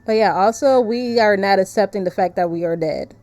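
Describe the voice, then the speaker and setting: A woman's voice: medium pitch, brisk, darkish tone. A woman streaming a game, chatting casually and laughing often as she explains the story. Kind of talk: casual gameplay commentary.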